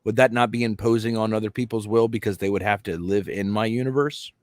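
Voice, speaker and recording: Low-voiced man, dry close sound. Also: steady tone, fast talker, darkish tone, no echo. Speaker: co-host. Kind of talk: casual debate chat.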